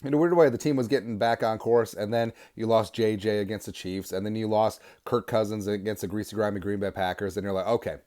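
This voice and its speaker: A man hosting a sports podcast, delivering an energetic, sarcastic fan rant. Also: fairly low pitch, fairly quick, hardly any pauses. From Minnesota. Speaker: podcast host.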